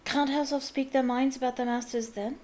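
A woman's voice: sits high, steady tone, a little fast, darkish tone, a little hiss or hum, voice pushed up, natural voice. A friendly, kind teenage boy wizard from a storybook, as a woman reads him. The voice stays close to an ordinary woman's speaking voice. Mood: curious.

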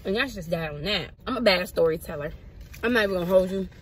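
A young woman vlogger telling a casual storytime, animated and slangy, swinging her pitch up for emphasis. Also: fast, a little hiss or hum, poor audio.

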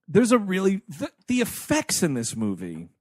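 Comedy podcast co-host, man, lively swooping delivery, dry close mic. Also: high-pitched, normal speed, no echo. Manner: animated, profane riffing. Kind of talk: casual comedic movie chat.

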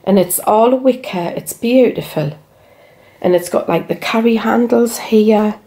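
A woman's voice: a little high, measured pace, warm tone. A middle-aged British woman chatting casually to camera in a home vlog, gushing and rambling with lots of fillers. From United Kingdom. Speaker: vlogger. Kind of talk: casual haul vlog chat. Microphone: camera on a tripod, then handheld.

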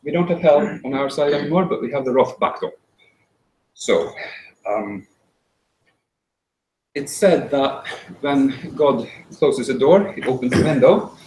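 A man giving a talk and telling a folk tale, with dry, wry humor and frequent halting restarts. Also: mid-range voice, animated, darkish tone. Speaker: speaker. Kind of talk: storytelling talk. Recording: roomy echo.

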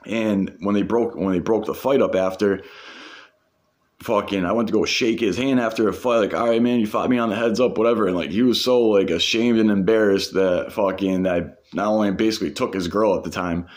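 A man with a fairly low voice recounts an old story in loose, casual talk. He swears constantly and peppers his sentences with "like" as he goes. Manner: profane, rambling, full of "like".

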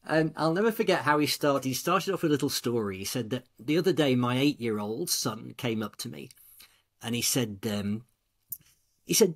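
A man's voice: medium pitch, normal speed. A man, a storytelling coach on a podcast, talking casually and acting out quoted dialogue as he tells stories. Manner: animated, acts out quoted dialogue.

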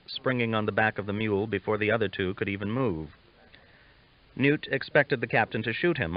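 A man reading a novel aloud as an audiobook narrator, steady and measured, on a dull lo-fi recording. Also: on the low side. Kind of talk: scripted narration.

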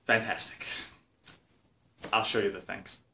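A man hosting a casual home vlog, enthusiastic and excitable, talking in his dining room during a party. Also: medium pitch, normal speed, slight background noise. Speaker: video host. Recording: roomy sound from a distance.

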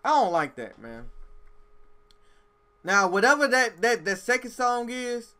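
A man's voice: very high-pitched, unhurried. A man hosting a music reaction video, giving blunt, emphatic opinions in casual street slang. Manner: animated, emphatic street slang, says "bro" often.

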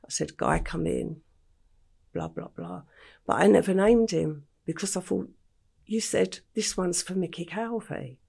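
An older Englishwoman, appearing as a podcast guest, tells her story in a deeply gravelly, husky voice with a darkish tone. She speaks slowly and plainly in a matter-of-fact way, laying out events one after another in an interview.

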